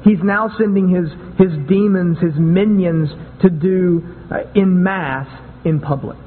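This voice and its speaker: His voice sitting high, this pastor delivers a conversational sermon full of repeated and restarted words. A bit of hiss or hum accompanies the tinny, phone-like sound and its long hall echo.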